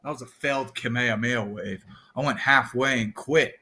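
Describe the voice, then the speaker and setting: A man vlogging and rambling through silly off-the-cuff freestyle raps, bursting into shouts now and then. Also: medium pitch, moderate pace, breathy edge.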